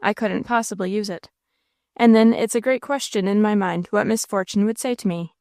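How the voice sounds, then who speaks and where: A woman's voice: medium pitch, moderate pace, darkish tone, dry recording, close to an everyday voice. Blunt, curious rural innkeeper with folksy dialect, voiced by a woman narrator; dry close sound. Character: big red-faced country innkeeper, blunt and curious.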